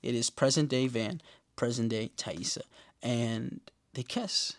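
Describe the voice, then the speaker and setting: This man hosts a casual podcast recap at a slightly slow pace. He cracks jokes, curses in relaxed slang, and now and then lets out a loud, shrill exclamation.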